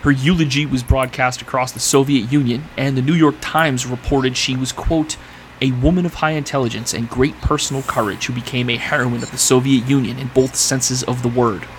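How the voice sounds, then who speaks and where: Dude reading history notes on a chill podcast, riffs and laughs a lot, slight hiss. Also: male voice, medium pitch, steady tone, brisk. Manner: reads facts aloud, then riffs and laughs. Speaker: podcast host presenting history. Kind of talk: casual podcast chat.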